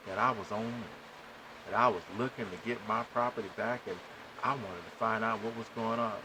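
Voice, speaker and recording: A man hosting a podcast, telling a story to listeners in an animated way and acting out the dialogue. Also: mid-range voice, slight background noise, rough recording. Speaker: podcast host.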